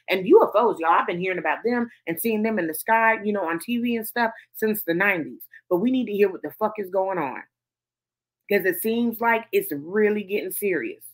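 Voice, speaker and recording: A woman's voice: medium pitch, fairly bright tone. Profane, fired-up woman host. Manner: profane, heated and emphatic. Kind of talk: ranting news commentary show.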